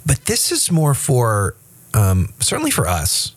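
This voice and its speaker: A podcast co-host on a casual faith show speaks a little slowly in a mid-range voice. He talks loosely and animatedly, restarting frequently, dropping fillers, and acting out quoted voices.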